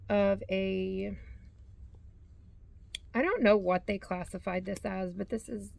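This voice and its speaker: A woman's voice: medium pitch, fairly even intonation, slow pace, vocal fry, darkish tone, a little hiss or hum. A woman hosting a yarn vlog, chatting casually as she reads out yarn labels and corrects herself as she goes. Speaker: yarn channel host. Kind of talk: casual show-and-tell vlog.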